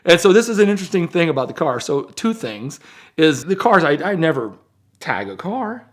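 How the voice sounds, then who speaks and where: Rambling storyteller man, animated. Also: a little high, moderate pace. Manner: animated, acts out quoted dialogue; rambling with filler phrases. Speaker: car dealer. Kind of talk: casual storytelling.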